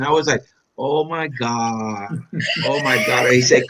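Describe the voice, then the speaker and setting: A man from Puerto Rico reminiscing in an interview, animated and acting out quoted lines with big pitch jumps. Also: measured pace, rough recording. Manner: animated storyteller, acts out quotes with sharp pitch jumps, non-native phrasing. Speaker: interview guest, black belt.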